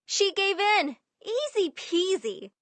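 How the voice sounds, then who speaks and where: A young woman narrating an animated story in a lively, emphatic way. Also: very high voice, takes it slowly, no echo.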